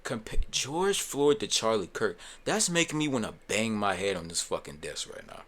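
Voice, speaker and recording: A man's voice: fairly low pitch, sing-song, moderate pace. Heated, swearing man reacting. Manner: heated, swearing, with sudden loud outbursts. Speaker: commentator reacting to a clip. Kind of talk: profane reaction commentary.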